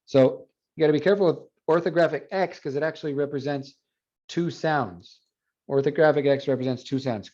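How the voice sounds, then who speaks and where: Guy teaching a class review, mellow voice, lo-fi classroom audio. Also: a little high. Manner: explanatory, repeats words slowly to model pronunciation. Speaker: Spanish phonetics instructor. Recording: dull lo-fi classroom recording.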